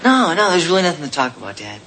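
An actor playing a young man, the teenage son, joking and animated in a sitcom. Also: fairly high pitch, fast talker, slight background noise, exaggerated voice. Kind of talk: sitcom acting. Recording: sitcom audio with studio audience laughter.

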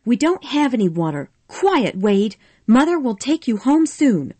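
A woman's voice: high-pitched, big pitch swings, unhurried, warm tone, no room sound, voice pushed up, full character voice. A frantic young Southern belle heroine cries out in breathless, pleading bursts, as a woman narrator puts her on. Her voice jumps well above the reader's own and swoops all over. It suits a storybook reading. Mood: distraught.

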